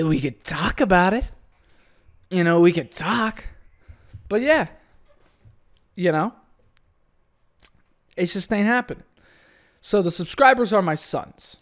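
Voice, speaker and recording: A young man talks alone into his podcast mic with a somewhat high voice. He swears constantly and rambles, losing his train of thought and starting over. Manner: profane, rambling, self-interrupting. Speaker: podcast host. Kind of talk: solo podcast rant.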